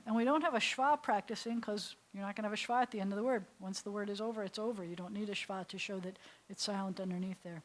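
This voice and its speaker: A woman's voice: mid-range voice, fairly even intonation, fast talker. A woman rabbi teaching a beginners' Hebrew class, patiently sounding out syllables and repeating them, sometimes correcting herself as she goes. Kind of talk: classroom lesson. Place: synagogue classroom.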